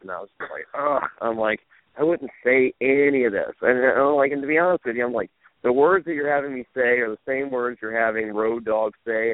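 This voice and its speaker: A man with a low-set voice tells stories in a loose, animated way, jumping up in pitch whenever he acts out what others said. The sound is thin and phone-like, with a dry, close feel and no room around it. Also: dry recording. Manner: animated, laughing, acts out quotes in raised voices. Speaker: interview guest, former wrestling manager. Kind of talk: casual storytelling in an interview. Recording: tinny phone-like line, dry.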